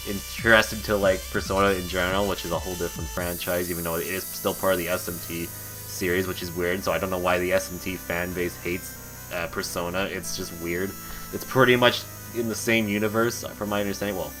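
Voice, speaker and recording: A man's voice: fairly low pitch, pushed and bright. A young man hosting his channel's podcast, rambling through viewer questions and laughing between thoughts. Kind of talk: casual chat answering viewer questions.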